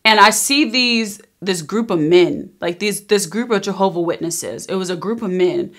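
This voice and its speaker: A woman in her thirties telling a personal story in a casual storytime vlog, emphatic and animated, acting out what people said. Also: mid-range voice, normal speed. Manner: emphatic, animated retelling, acting out quoted lines.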